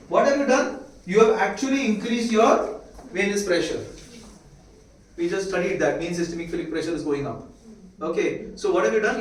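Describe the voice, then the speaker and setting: High-voiced Indian man lecturing in an echoey room. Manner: keeps quizzing the audience with rhetorical questions. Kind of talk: medical lecture to students. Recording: echoey room, mic far off, faint hiss.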